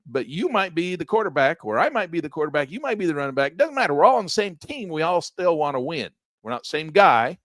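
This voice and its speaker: A man's voice: fairly high pitch, a bit bright, dry recording, studio quality. A man hosting an investing channel, talking casually and emphatically to his viewers, often repeating himself.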